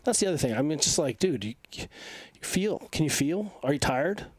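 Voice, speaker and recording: A man's voice: a little high, fairly quick, dry recording. Emphatic man, stuffy from allergies, dry sound. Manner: energetic, emphatic, rambling with many restarts. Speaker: podcast guest, coach and physical therapist. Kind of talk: casual interview talk.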